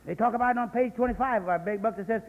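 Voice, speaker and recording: A man's voice: high voice, racing. A man from San Jose giving a blunt, folksy recovery talk at a convention, full of profanity and stories. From San Jose, California. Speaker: AA speaker. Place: convention hall. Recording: echoey hall on lo-fi 1980s cassette.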